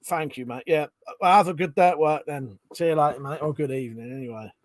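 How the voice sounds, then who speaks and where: A man chatting casually on his live stream, voice sitting a little high. He swears freely and reads out comments from viewers. The sound is close and dry, with no room around it. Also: fairly quick, no room sound. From Britain. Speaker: livestream host.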